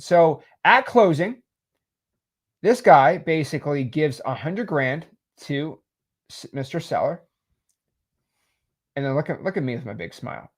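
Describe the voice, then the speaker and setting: A man casually teaching real estate wholesaling while sketching, animated and salesy. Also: a little high. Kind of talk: casual whiteboard explainer.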